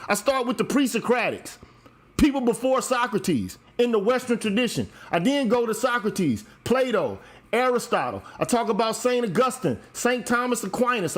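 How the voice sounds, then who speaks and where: Guy with a really high voice ranting and lecturing, swears a lot, pitch jumps all over. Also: fairly bright tone. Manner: lecturing, emphatic, swears often. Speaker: show host. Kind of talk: heated profane monologue.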